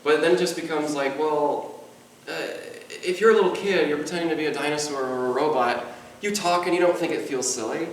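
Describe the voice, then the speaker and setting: A man with a slightly high voice speaks casually on a convention panel, stumbling and repeating words in a mild natural stutter. He is far from the mic in a very echoey hall. A faint hiss sits under the room sound. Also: fairly quick. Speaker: convention panelist, mime performer.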